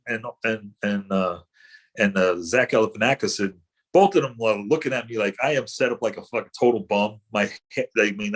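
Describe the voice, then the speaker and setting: A middle-aged man, an actor guest, telling rambling anecdotes in casual chat with many fillers and restarts. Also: medium pitch.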